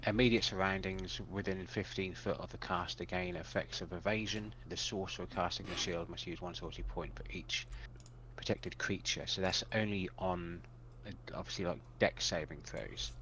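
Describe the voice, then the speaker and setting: Deep-voiced halting player. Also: male voice, steady tone, a crowd in the background. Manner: halting, many uhs. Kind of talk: playing a tabletop game.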